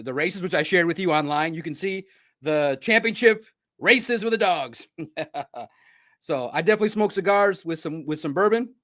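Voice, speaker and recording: A man hosts a live sports recap stream in a rambling, excitable way, laughing often. His voice sits high and bright. He lurches between loud outbursts and muttered asides. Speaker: sports podcast host.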